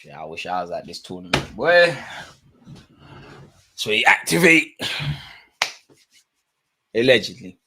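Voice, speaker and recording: A man giving live, slangy watch-along commentary on a football match, jumping from low asides to loud outbursts. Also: a little slow, pauses often, slight background noise. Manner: excitable, slangy, swings from mutters to shouts.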